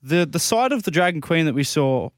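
A man co-hosting sports radio, deadpan and mock-serious. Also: a little high, fairly quick, no room sound, clean studio sound. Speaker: radio co-host. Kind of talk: deadpan banter.

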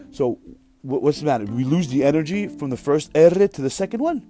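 A man in his thirties rants through a work story on his podcast, cursing freely and sounding fed up. He talks at a rapid clip. Faint guitar music plays softly under his voice. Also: on the high side, expressive. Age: 30s. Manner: profane, exasperated, mimics other people's voices. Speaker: podcast host. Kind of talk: casual storytelling rant.

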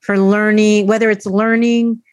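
A woman's voice: mid-range voice, level tone, measured pace. A woman podcast host in casual chat, speaking in an emphatic, affirming way.

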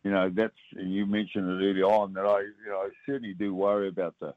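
An older New Zealand man speaks down a thin, tinny phone line with no room echo at all. His voice sits low, and he talks in halting bursts, trailing off and restarting with plenty of fillers. He is a former rugby player being interviewed by radio hosts. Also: flat delivery.

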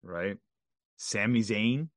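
A man's voice: lowish voice, slow, no echo. Man, co-host, casual chat, reads a list aloud, dry close sound. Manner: leads the segment, reads off a list. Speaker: podcast co-host.

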